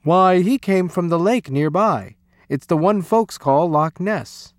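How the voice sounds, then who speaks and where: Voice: medium pitch, animated, slow, no echo, studio quality, pitched above the performer's own voice. A man reading a storybook aloud, voicing a hearty old uncle. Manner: hearty and exclaiming. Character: jolly old Scottish uncle.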